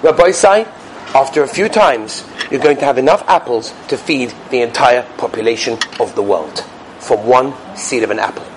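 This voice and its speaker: A man teaching in a yeshiva, giving a sermon full of stories, animated and dramatic, sprinkling Yiddish and Hebrew words. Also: mid-range voice, normal speed, a little hiss or hum, low-quality recording. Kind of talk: sermon with storytelling.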